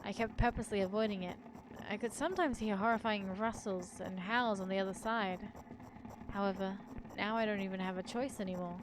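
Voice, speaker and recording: A woman's voice: mid-range voice, fairly even intonation, a little fast, noisy background. A woman streamer reading a horror story aloud in the first person, with joking asides.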